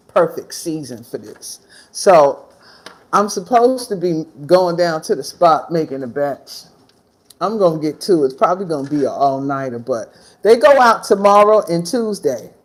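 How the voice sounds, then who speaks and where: Woman, low-ish voice, lively intonation, blunt, swearing, casual outdoor storytime. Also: normal speed. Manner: blunt, animated, swearing freely. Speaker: vlogger. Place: outdoors in the sun.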